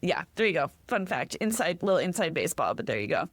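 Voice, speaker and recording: Chatty, animated woman with a dry sound. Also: on the low side, quick pace, no room sound. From Massachusetts, US. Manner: animated, rambling, self-interrupting. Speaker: podcast guest, comedy founder. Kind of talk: casual interview chat.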